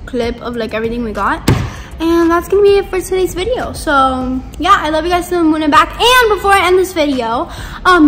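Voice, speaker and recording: High-voiced giggly young woman vlogger. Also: fairly bright tone, in a large hall. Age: teens. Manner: giggly, rambling, easily sidetracked. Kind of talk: casual vlog outro.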